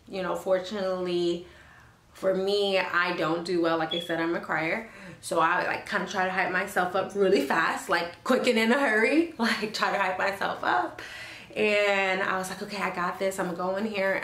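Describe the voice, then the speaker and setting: A woman's voice: lowish voice, fairly bright tone, reverberant. A young woman and nursing student telling an emotional story in a chatty, casual vlog, with many fillers and restarts, recorded in her car.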